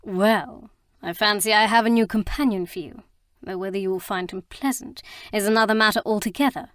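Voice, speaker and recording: A woman's voice: medium pitch, fairly quick, a bit bright, no echo, studio quality, natural voice. A woman voicing a jovial, mocking aristocratic man who teases his half-sister. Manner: teasing and boisterous.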